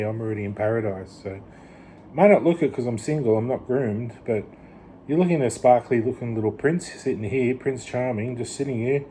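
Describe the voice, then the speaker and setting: A man's voice: mid-range voice, dark tone, slight background noise. A man talking in a rambling vlog monologue, full of restarts and "you know". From Australia. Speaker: vlogger. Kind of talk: casual rambling monologue to camera.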